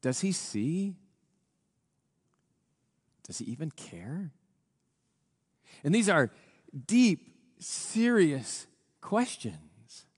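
Pastor preaching in a reverberant hall. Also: male voice, a little high, big pitch swings, breathy edge. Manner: earnest, reflective, with pauses and restarts. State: voice a little rough from recent strain. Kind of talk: sermon.

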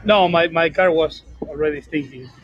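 Husky joking man from Argentina on a call. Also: fairly high pitch, moderate pace, no room sound, lo-fi sound. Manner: joking, teasing banter. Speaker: podcast co-host calling in. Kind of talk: casual chat. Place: bar.

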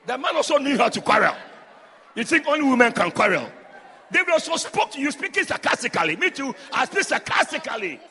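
A man preaching loudly in church, fervent and calling out to the congregation. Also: very high-pitched, big pitch swings, moderate pace, a faint crowd, slight background noise. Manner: loud, fervent, call-and-response. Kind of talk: shouted sermon. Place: church hall. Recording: long hall reverb.

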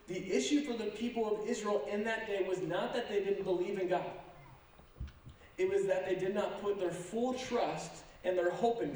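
Man preaching, high voice, animated and jokey, very echoey church, mic far off. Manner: animated, jokey, with sarcastic asides. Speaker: pastor. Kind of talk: sermon. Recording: echoey sanctuary, from a distance.

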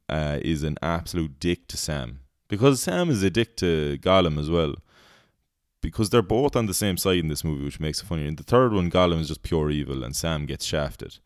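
A man's voice: low-pitched, clear, resonant tone, dry recording, clean studio sound. A young man, hosting a podcast in casual chat, rambling, swearing freely and laughing at his own jokes. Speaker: podcast host.

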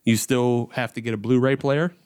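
A man's voice: medium pitch, fairly even intonation, normal speed, darkish tone, smooth. Joking man chatting over beers. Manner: joking, laughs often. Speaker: podcast co-host. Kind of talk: casual chat over beers.

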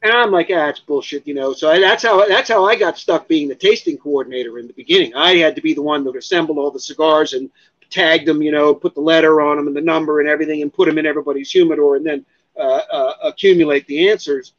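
A man telling a story as an interview guest, animated and profane, acting out what others said. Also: a little high, quick pace, muffled recording. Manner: animated, profane, acts out other people's lines. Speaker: guest, cigar expert.

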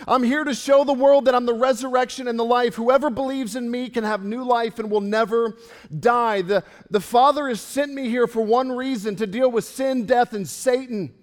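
Jesus, as a pastor puts him on, proclaiming boldly. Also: male voice, extremely high pitch, moderate pace, big-room sound. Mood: insistent. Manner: bold, proclaiming first-person declarations. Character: Jesus, a commanding adult man.

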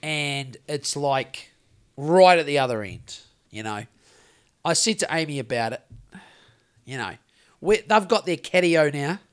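A man's voice: a little high, measured pace, long pauses, clean tone. A man with a New Zealand accent, co-hosting a podcast and telling rambling, sweary stories in casual chat. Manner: sweary, rambling, animated storytelling. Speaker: podcast co-host.

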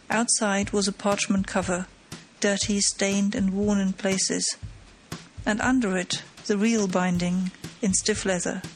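A woman narrating an audiobook of a classic mystery in a measured, dramatic storytelling manner. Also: mid-range voice, poor audio. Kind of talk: scripted narration.

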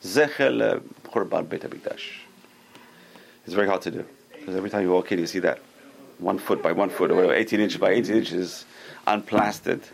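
Gravelly rabbi teaching with emphatic repetition. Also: male voice, deep voice, fairly quick, poor audio. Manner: emphatic, repeats key words. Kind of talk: teaching a Torah class.

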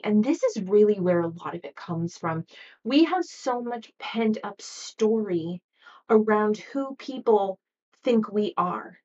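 Gentle woman coaching from a distance. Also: medium pitch, animated, takes it slowly, lo-fi sound. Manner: gentle, coaching, acts out anxious inner voices. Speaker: podcast host. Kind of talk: motivational solo podcast talk.

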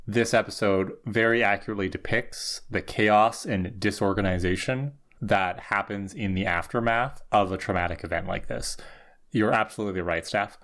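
A man's voice: lowish voice, fairly bright tone. A man co-hosting a casual chat, asking questions and breaking things down analytically, with a lot of "like". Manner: inquisitive, analytical, says "like" often. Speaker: podcast co-host.

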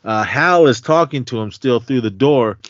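A man's voice: mid-range voice, lively intonation, moderate pace, highs cut off. Man rambling through a movie recap. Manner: rambling, filler-heavy storytelling. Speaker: podcast host.

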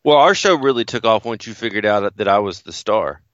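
A man co-hosting a podcast in casual chat, cracking crude, deadpan jokes. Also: lowish voice, brisk, no echo, dull audio. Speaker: podcast co-host.

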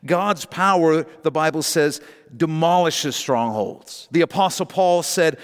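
A male pastor preaching a sermon, emphatic and slowing down to stress key words. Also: fairly high pitch. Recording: long hall reverb.

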